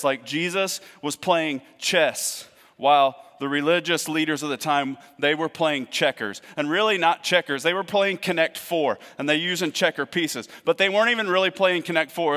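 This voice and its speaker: A man preaching in a chatty, down-to-earth way, his voice pitched a little high and ringing bright. He jumps between loud, punchy emphasis and low, quiet asides. Long reverb from the hall trails after each phrase. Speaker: pastor. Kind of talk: sermon.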